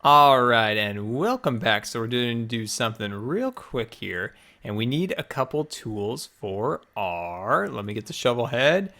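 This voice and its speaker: Speaking a little slowly with few pauses, a man with an expressive, bright, forceful medium-pitched voice commentates his Minecraft let's play. He stays upbeat, reasoning out loud while playing, slightly winded.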